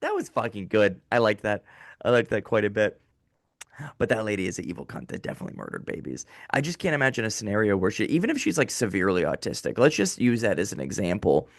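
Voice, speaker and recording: A man in an office doing a casual comedy monologue, swearing and ranting in an animated way. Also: fairly low pitch, fast, dry recording. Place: small rented office.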